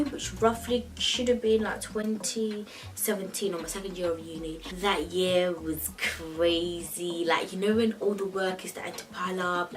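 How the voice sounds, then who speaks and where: A young woman vlogger telling a story in a chatty, animated way, with many fillers. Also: lowish voice, distant mic, poor audio. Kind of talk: casual story time vlog.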